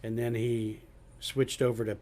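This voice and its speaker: An older man, a former police officer and guest, rambling through a story with restarts and throat clearing. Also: mid-range voice, flat delivery, measured pace, darkish tone, a little hiss or hum. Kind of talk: casual chat.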